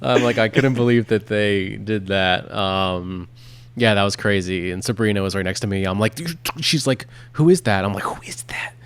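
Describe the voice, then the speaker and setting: A man co-hosting a fan podcast, telling a lively story and laughing along as he goes. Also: fairly low pitch, moderate pace, clear, resonant tone. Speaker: podcast co-host. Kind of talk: casual chat.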